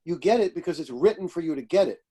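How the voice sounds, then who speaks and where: An older man, an astrologer and author, telling lively stories in an interview and acting out the voices of people he quotes. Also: on the high side, quick pace, slightly rough. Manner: animated anecdotes, acting out quoted voices, laughing. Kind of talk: storytelling interview.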